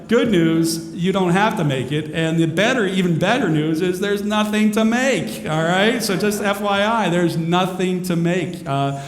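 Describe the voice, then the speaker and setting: A minister giving a talk in an echoey hall. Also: male voice, on the high side. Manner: rambling, self-mocking, with restarts. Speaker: minister and speaker. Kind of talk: humorous inspirational talk. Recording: echoey hall with faint noise.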